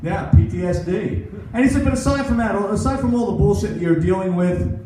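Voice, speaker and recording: A man's voice: high voice, a little fast, dark tone, slight background noise. A man in his sixties doing a rambling, self-mocking stand-up set at a comedy club. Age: 60s. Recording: echoey club recorded from far off.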